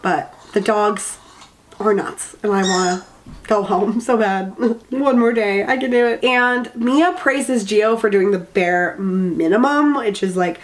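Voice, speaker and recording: A woman with a slightly high voice rants through a casual book review, exasperated and dripping with sarcasm. She swears freely and often trails off mid-thought. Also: a little slow.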